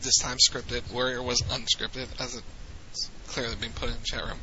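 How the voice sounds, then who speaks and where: Male podcast host, casual and chatty, bright edge, lo-fi sound. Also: mid-range voice, little pitch movement, moderate pace, slight background noise. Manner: chatty, laughs often, restarts. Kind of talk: casual chat.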